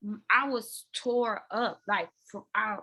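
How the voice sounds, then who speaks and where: A woman guest on a podcast, candidly telling her personal story in an animated way, often talking straight to listeners and repeating words as she goes. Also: medium pitch, slow, breathy edge. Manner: animated, addresses listeners as y'all, repeats words when emotional. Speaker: podcast guest, dance fitness coach.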